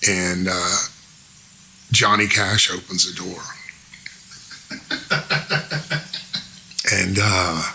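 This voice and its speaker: A man in his fifties, a musician guest telling stories in a casual, animated way and imitating the people he quotes. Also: low voice, slight background noise. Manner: animated storyteller who mimics the people he quotes. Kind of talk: casual storytelling.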